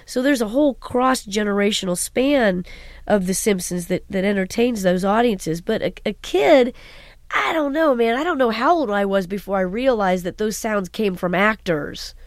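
A voice actress being interviewed, telling stories in an animated way and laughing often. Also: female voice, mid-range voice, moderate pace, no room sound, studio quality. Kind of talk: casual interview talk.

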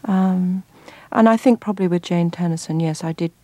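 A middle-aged woman from England, an actress answering interview questions thoughtfully, pausing and restarting as she searches for words. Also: fairly low pitch, mellow, no echo. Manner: thoughtful, frequent restarts and pauses. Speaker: actor, guest.

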